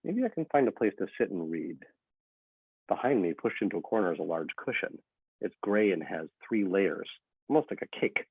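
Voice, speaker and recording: A man with a low, husky voice reads a first-person story aloud, lively and expressive in his telling. The audio is dry and thin, like a phone line. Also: normal speed, dry recording. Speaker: author reading his own novel.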